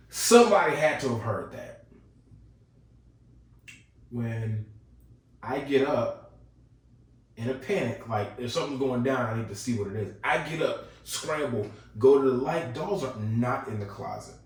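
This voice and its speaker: A man hosting a podcast, telling a ghost story in a casual, animated way and chuckling as he goes. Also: mid-range voice, unhurried, pauses often. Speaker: podcast host. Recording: echoey room, distant mic.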